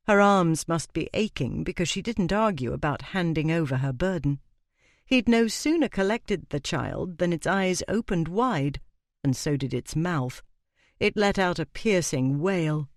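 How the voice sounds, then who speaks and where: Male audiobook narrator, expressive, animated delivery in a dead-dry booth. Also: on the high side, unhurried, dry recording. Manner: expressive storytelling with character voices.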